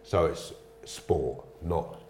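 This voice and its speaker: A man's voice: very deep voice, very slow, a little mellow. A middle-aged man, a guest telling stories bluntly with plenty of slang and swearing. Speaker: interview guest. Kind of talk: storytelling in conversation. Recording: roomy echo.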